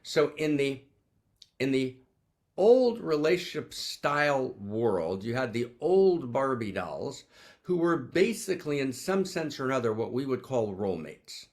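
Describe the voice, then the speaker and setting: Brief: male teacher on a video call, lively swooping pitch, exuberant, keeps checking in with his listeners. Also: unhurried. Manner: exuberant, repeats questions, peppers talk with "right?". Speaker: teacher leading an online gathering. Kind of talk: animated spiritual teaching talk.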